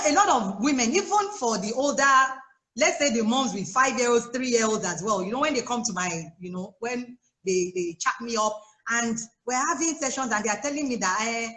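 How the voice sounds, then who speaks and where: A woman with a Nigerian English accent, a life coach giving chatty, animated advice to new mothers on a video call, laughing often. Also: fairly high pitch, normal speed, reverberant. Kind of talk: casual advice on a live chat. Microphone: phone or laptop on a video call.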